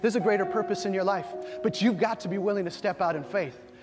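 A man with a high voice preaches in a church, leading call-and-response with his congregation and acting out little scenes of dialogue. His voice rings through a hall with long reverb, and soft music plays underneath. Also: fast talker. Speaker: pastor. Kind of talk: sermon. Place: church sanctuary.

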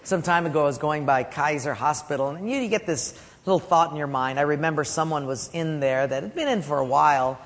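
A man in his fifties preaching a storytelling sermon, dropping to a soft hush for key points. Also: fairly high pitch, fairly quick, few pauses. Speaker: pastor. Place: church sanctuary. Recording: long hall reverb.

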